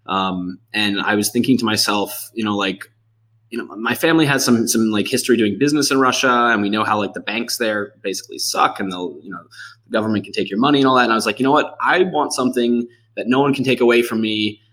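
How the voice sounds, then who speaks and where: Male podcast guest with a low voice, relaxed and chatty. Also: fast talker. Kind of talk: casual interview conversation.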